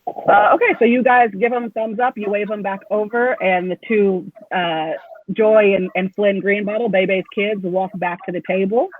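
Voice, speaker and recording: A woman's voice: mid-range voice, steady tone, normal speed, no echo. A woman narrating as game master of a tabletop game in a loose, rambling way. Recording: tinny phone-like line.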